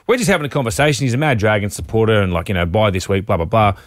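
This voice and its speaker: A man's voice: fairly low pitch, racing, no room sound, studio quality. A young Australian man hosting a breakfast radio show, telling cheeky stories in casual sports banter. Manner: animated storyteller, cheeky. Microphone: studio microphone.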